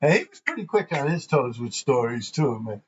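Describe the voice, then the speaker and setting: A man's voice: medium pitch, big pitch swings, normal speed, breathy edge, dull audio. A man hosting a graffiti show, telling rambling, profane stories in a casual way. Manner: rambling, profane, laughing often. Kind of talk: casual storytelling.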